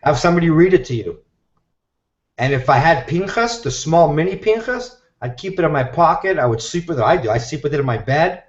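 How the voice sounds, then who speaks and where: A man telling a story in an animated way and acting out the voices of the people he quotes, heard over a live video call. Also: a little high, brisk. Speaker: guest teacher. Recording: echoey, dull video-call audio.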